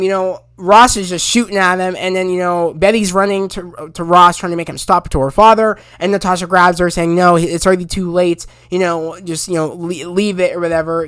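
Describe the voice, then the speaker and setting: A man recapping a TV episode in a casual, rambling way, full of "you know" fillers and bursts of loud excitement. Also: sits high, clean tone, dry recording, clean studio sound. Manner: rambling, heavy on fillers, gets loud and excited retelling scenes. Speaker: show recap reviewer.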